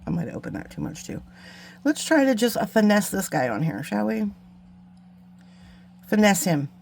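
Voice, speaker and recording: A woman hosts a beading tutorial in a casual, chatty way. She mocks herself and mutters asides while working, and her voice has a gravelly, creaky texture. A faint hum sits behind her. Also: mid-range voice, wildly swooping pitch, normal speed, darkish tone. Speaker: beading channel host. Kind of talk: casual craft tutorial chat.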